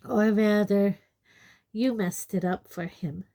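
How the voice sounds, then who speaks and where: A woman's voice: on the low side, vocal fry, warm tone. A woman reading an audiobook, voicing a mild, thoughtful man who speaks reasonably. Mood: calm. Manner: measured, reasonable.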